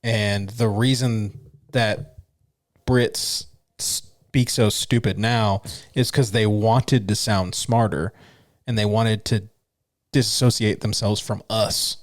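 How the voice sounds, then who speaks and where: A man with a low voice talks casually on a podcast, teasing and blunt, swearing freely. The sound is dry and close, with no room around it. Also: steady tone, slow pace, no room sound. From United States. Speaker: podcast co-host. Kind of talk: casual chat.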